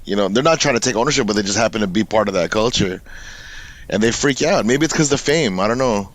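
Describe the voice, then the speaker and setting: A man's voice: on the low side, fast. A man, a podcast guest chatting casually, swearing freely and telling stories in a laid-back way. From Los Angeles. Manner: profane, laid-back, animated storytelling. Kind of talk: casual chat.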